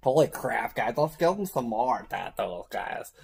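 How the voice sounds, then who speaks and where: A man's voice: medium pitch, sing-song, unhurried, creaky, darkish tone. A man rambling goofily through a coloring video from his basement, cracking crude jokes and saying "guys" constantly. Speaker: YouTuber coloring on camera. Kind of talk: casual rambling commentary. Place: home basement.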